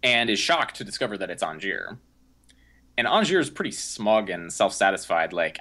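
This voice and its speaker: Very animated, a young podcast co-host rambles through a movie recap with plenty of fillers and restarts. His fairly low voice is bright and forceful with a breathy edge, and he keeps a moderate pace in this casual film discussion.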